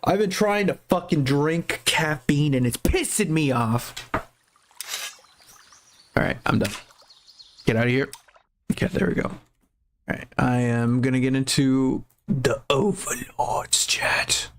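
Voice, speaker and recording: A man's voice: mid-range voice, expressive, a little slow, long pauses, slight background noise. A tired young man hosting a game stream, rambling casually and swearing now and then while he sorts out the settings. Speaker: gaming streamer. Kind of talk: casual gameplay stream talk.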